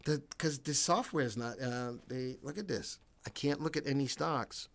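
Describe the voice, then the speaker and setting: A man hosting a casual live stream about the stock market, thinking aloud and answering viewers by name, getting loud and excited when he reacts to the chat. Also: mid-range voice, normal speed, vocal fry.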